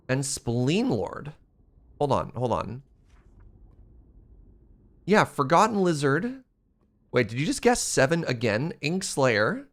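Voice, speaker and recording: A man streaming a game, chatting casually and excitably with his viewers, his voice strained from shouting. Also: on the high side. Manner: excitable, chatty, laughs often. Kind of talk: casual live-stream chat.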